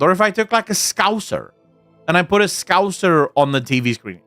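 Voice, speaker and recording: A man's voice: high voice, very animated, normal speed, fairly bright tone, dry recording, soft background music. A man chatting casually on a livestream, answering his chat, rambling and opinionated with frequent restarts.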